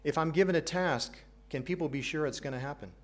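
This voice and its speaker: A man's voice: fairly high pitch, quick pace. American man preaching a sermon. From United States. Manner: earnest, asks the congregation questions, light jokes. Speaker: pastor.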